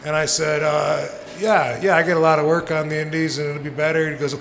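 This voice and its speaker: A man's voice: fairly high pitch, fairly even intonation, fast, vocal fry, a bit bright. A man in his forties telling rambling, profane stories with frequent laughter as a guest on a live podcast show. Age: 40s. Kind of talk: casual storytelling on a live podcast. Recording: live venue with long reverb and faint noise.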